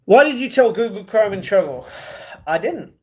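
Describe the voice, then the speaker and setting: A man hosts a casual livestream, reading viewers' comments aloud and then answering them. His voice sits a little high for a man. He talks into earbud microphones and often apologizes. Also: very animated, normal speed, a little mellow. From United Kingdom. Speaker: livestream host. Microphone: wireless earbuds.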